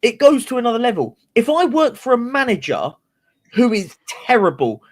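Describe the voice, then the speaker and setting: A man co-hosting a casual football fan podcast, animated and ranting, often mimicking other fans. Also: extremely high pitch, normal speed. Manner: animated, ranting, quotes fans in mocking voices. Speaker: podcast co-host.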